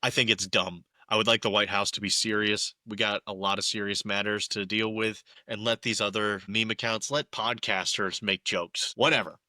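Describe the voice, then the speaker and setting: A man's voice: fairly low pitch, steady tone, normal speed, few pauses, bright, forceful tone, no room sound. A young man hosting a podcast alone, giving opinionated political commentary with emphatic, exasperated asides. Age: young adult. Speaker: podcast co-host.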